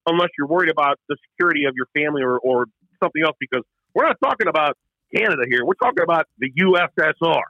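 A man co-hosting a casual hockey show, telling stories quickly with lots of stumbles and restarts. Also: a little high, animated, no echo, lo-fi sound. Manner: rapid storytelling with frequent restarts. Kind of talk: casual sports chat.

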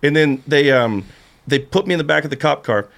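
A man's voice: fairly high pitch, expressive, a little fast, gravelly, a bit bright. A man guest on a podcast, telling a rambling story in casual chat and acting out what others said. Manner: rambling storyteller who acts out the other voices.

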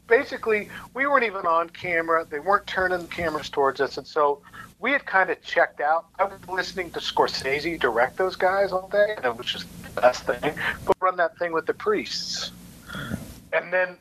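A man guest telling lively anecdotes in casual chat, acting out quoted voices and laughing often. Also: sits high, moderate pace, slight background noise, poor audio. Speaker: actor guest.

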